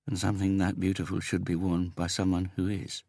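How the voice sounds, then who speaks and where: A man voicing a quiet, brooding young man who speaks in a hushed, low-key way. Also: completely flat delivery, fairly quick, gravelly, no room sound, studio quality.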